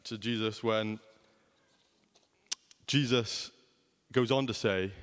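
A man's voice: on the low side, fairly even intonation, slow pace, in a large hall. A young man preaching a sermon in a conversational way, often asking rhetorical questions.

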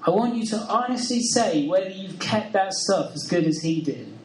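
Preacher in an echoey hall. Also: male voice, sits high, expressive, normal speed, slight background noise. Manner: earnest, conversational, with rhetorical questions. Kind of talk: sermon. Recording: roomy sound from a distant mic.

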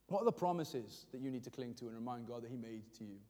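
A man's voice: mid-range voice, expressive, quick pace, few pauses, warm tone, long reverb tail. A middle-aged man preaching a sermon, emotionally acting out prayers and speaking to the congregation. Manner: emotional, voicing prayers aloud with rising intensity. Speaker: pastor.

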